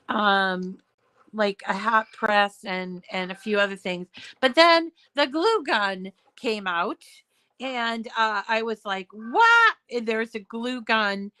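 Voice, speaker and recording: Woman, hoarse, crafting tutorial host, unhurried, chatty step-by-step talk. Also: medium pitch, a bit bright. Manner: chatty, step-by-step with fillers and throat clearing.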